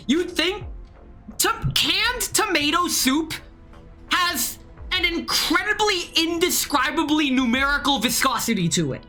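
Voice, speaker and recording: A tipsy woman streamer with a bright, forceful voice and a lively pitch that jumps all over. She reads game text aloud between excitable, profane tangents, with faint game music behind her. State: tipsy from drinking. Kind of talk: live game-stream commentary and reading aloud.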